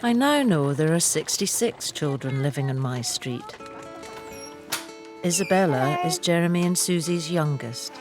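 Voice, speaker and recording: A woman narrating her own documentary in a calm, personal storytelling way. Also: low voice, measured pace. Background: music.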